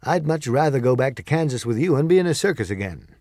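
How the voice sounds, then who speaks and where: A man's voice: medium pitch, lively intonation, fast talker, darkish tone, no echo, clean studio sound. A man voicing a humble, elderly male humbug wizard who speaks earnestly and turns proclaiming. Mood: weary.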